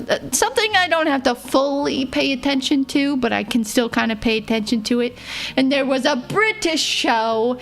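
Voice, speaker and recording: A young woman streamer with a high-sitting, fairly bright voice chats casually, rambling, giggling, and mumbling a bit. She's self-deprecating, and faint music plays in the background.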